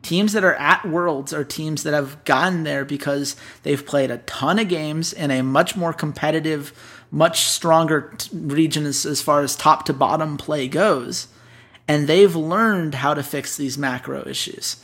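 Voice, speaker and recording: A man co-hosting an esports analysis show, talking through a team's weaknesses in a brisk, emphatic way and putting questions to his co-host. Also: on the high side, fairly bright tone, breathy edge. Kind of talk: casual analysis chat.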